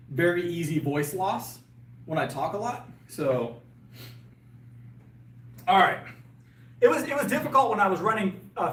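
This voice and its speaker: Streaming live from a yard, a powerlifter with a fairly high, fairly bright voice talks casually with his audience. His speech is rambling and hesitant, packed with fillers and restarts, and his voice is getting worn.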